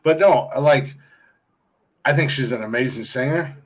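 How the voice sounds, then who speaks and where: A man's voice: medium pitch, measured pace, low-quality recording. A man from Ohio hosting a podcast in casual, crude, rambling chat, laughing often. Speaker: podcast host.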